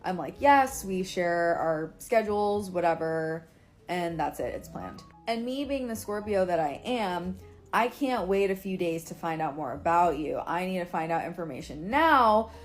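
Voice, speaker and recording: A woman's voice: fairly low pitch, animated, moderate pace, soft background music. A young woman telling a dating story in a chatty, candid way with playful asides. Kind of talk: casual storytime.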